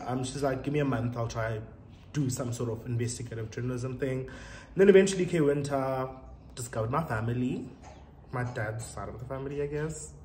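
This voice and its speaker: A young South African man chatting casually and laughing often while telling a story and getting ready. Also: medium pitch. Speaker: vlogger. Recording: roomy echo, faint room noise.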